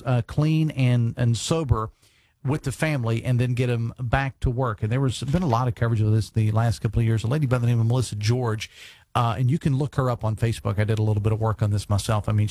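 A man hosts a live radio talk show, chatting away with plenty of fillers and restarts. His voice is mid-range and darkish, picked up on a studio microphone with no room sound.

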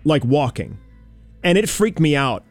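A man's voice: a little high, sing-song, measured pace, no room sound, soft background music. A man hosting a radio show, chatting casually with co-hosts, laughing easily and often restarting his sentences. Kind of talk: casual studio chat.

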